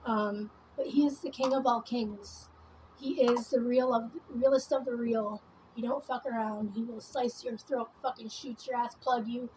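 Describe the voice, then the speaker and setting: A woman's voice: on the high side, darkish tone, a little hiss or hum, rough recording. A woman vlogging in a casual, rambling monologue full of swearing and fillers while she does her makeup. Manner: rambling, profane, many fillers. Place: at home doing her makeup.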